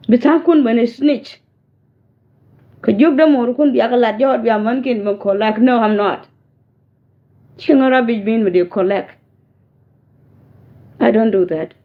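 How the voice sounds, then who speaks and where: A woman from South Sudan giving a scolding message direct to camera, mixing languages and warning her listener. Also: a little high. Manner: scolding, warning, code-switching. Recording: tinny phone-like audio.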